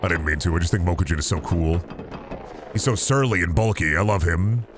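A man streaming a game live, swearing a lot and talking straight to his chat in an excitable, rambling way. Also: low-pitched, a little fast, noisy background. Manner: profane, excitable, talks to chat. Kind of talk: casual live-stream commentary.

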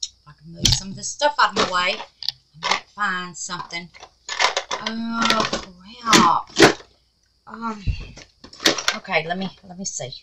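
A woman's voice: mid-range voice, measured pace, long pauses, heavy background noise. A woman hosting a casual crafting vlog, gasping and exclaiming as she works and muttering to herself. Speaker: craft channel host.

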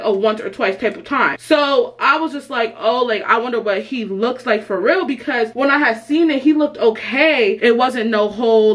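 A woman's voice: fairly high pitch, bright, forceful tone. A young woman telling a storytime to camera in a casual, slangy, exasperated way. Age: young adult. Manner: chatty, slangy, exasperated retelling. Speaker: vlogger.

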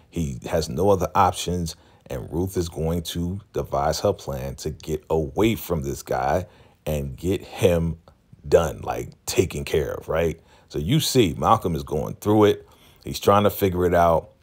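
A man's voice: low voice, a little mellow. A man casually recapping a TV episode for his channel, chatty and acting out the scenes he retells. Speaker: show recap vlogger.

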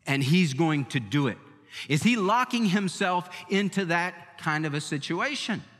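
A man's voice: fairly high pitch, fairly bright tone, long reverb tail. A man preaching a sermon as pastor, emphatic and repeating key phrases for weight.

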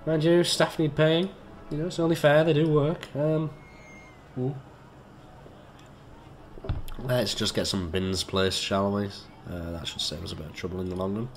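A man's voice: medium pitch, fairly even intonation, normal speed, long pauses, soft background music. A man giving let's play commentary, chatty and joking, swearing and talking to himself as he builds. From Britain. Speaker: gamer.

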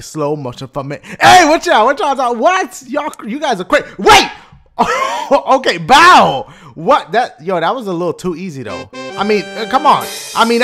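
A man hosting a gaming video, giving loud, slangy, profane play-by-play and shouting at the game. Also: high-pitched. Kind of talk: excited gameplay commentary.

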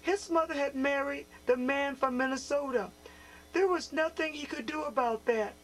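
A woman's voice: sits high, normal speed, faint music behind, close to an everyday voice, poor audio. A woman voicing a male puppet host who reads a picture book aloud to children. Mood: storytelling. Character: male puppet host, friendly storybook reader.

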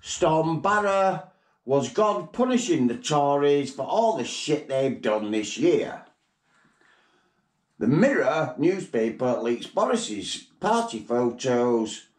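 A man putting on a high falsetto voice to play an elderly, crude queen giving a mock-regal, sweary speech. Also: sing-song, takes it slowly, reverberant. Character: elderly queen, plummy and crude, mocking the year.

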